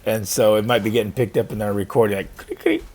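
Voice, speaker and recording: A man's voice: lowish voice, level tone, quick pace, darkish tone. A man co-hosting a podcast in a casual chat, throwing in dry, teasing quips. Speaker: podcast co-host.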